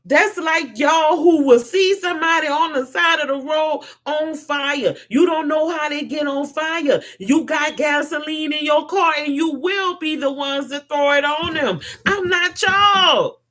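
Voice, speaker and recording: A woman giving an impassioned spiritual monologue to a live audience, swinging from loud to soft. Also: sits high, a little slow, hardly any pauses. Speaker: host.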